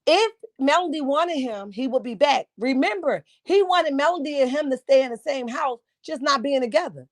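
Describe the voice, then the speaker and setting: A woman's voice: high-pitched, expressive, moderate pace, hardly any pauses, no room sound, studio quality. A woman hosting a casual live commentary stream from home, sassy and emphatic, often asking "right?". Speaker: livestream host.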